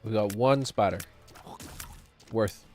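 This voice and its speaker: A man's voice: on the low side, slow pace, a little mellow, soft background music. A man streaming a game, rambling casually and chuckling at his own jokes. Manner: rambling, chuckling, self-mocking. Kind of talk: casual gaming commentary.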